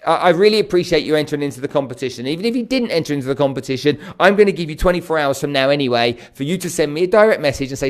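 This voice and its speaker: Energetic man hosting a live stream. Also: fairly high pitch, racing, few pauses. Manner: energetic, punctuates with "okay?". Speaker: host. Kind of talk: live-streamed talk to viewers.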